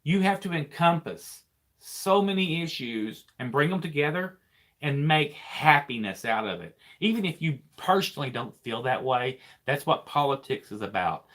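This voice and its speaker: A man hosting a loose trucking chat, his voice bright and a touch high for a man. He rambles, circles back and repeats words before he lands a thought. The talk is easygoing and unscripted. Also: animated, moderate pace. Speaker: trucker and channel host. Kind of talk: casual live chat.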